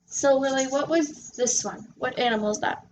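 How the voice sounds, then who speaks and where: A woman's voice: high-pitched, a little hiss or hum. Patient woman tutoring a child. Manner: patient, encouraging, sounds out letters slowly. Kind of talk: reading lesson with a young child. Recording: echoey room recording.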